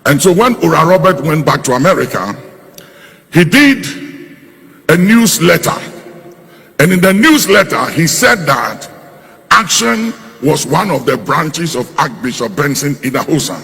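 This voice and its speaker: Raspy gravelly guy preaching, bright sharp tone, big echoey hall. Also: fairly high pitch, big pitch swings, a little slow. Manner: storytelling, recounting his early ministry. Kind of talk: sermon testimony. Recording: reverberant hall.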